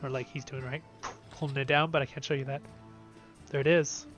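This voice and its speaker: A young man hosting a casual gameplay video, chatty and excitable, swinging between loud bursts and quiet asides. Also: medium pitch, a little fast, faint music behind. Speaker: game video host.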